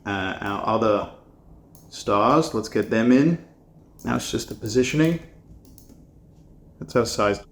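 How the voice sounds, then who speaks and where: A man's voice: lowish voice, lively intonation, slow, pauses often, fairly bright tone. A man thinking aloud as he designs, muttering to himself and laughing at his own mistakes. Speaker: design video creator. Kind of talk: casual think-aloud commentary while designing. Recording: echoey room with a poor mic.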